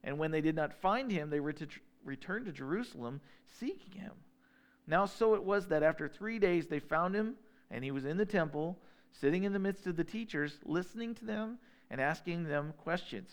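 A man preaching a sermon in a relaxed conversational way, slowing down when he reads scripture. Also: a little high, smooth. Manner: conversational, slows down to read scripture. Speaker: pastor.

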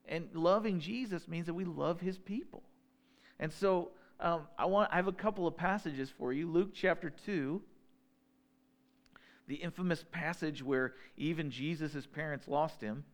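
A man preaching a sermon in a relaxed conversational way, slowing down when he reads scripture. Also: fairly high pitch. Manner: conversational, slows down to read scripture. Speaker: pastor.

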